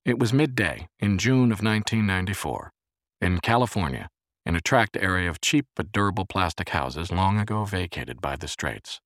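Man, audiobook narrator, very deep voice, measured, expressive, dry close recording. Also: no room sound.

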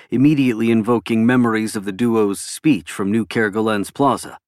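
A man giving steady, even scripted narration of a science fiction audiobook. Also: on the low side, no echo, clean studio sound.

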